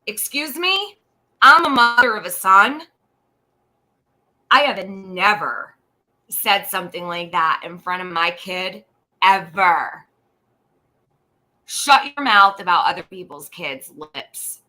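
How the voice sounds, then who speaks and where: Slow, scolding woman commentator. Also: lowish voice, bright, forceful tone, rough recording. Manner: scolding, blunt, repeats points for emphasis. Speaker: livestream commentator. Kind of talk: indignant live-stream commentary.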